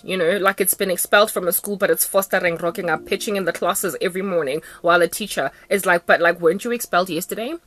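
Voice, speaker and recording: A woman with a South African accent delivering an emphatic, sarcastic ranting monologue as a ministry vlogger, swinging between loud bursts and low asides. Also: no room sound.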